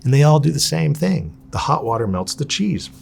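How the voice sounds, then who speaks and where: A man's voice: fairly high pitch, big pitch swings, moderate pace, gravelly, darkish tone, a little hiss or hum. A man, telling candid, profane stories and acting out the people he quotes. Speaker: interviewee. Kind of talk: candid storytelling.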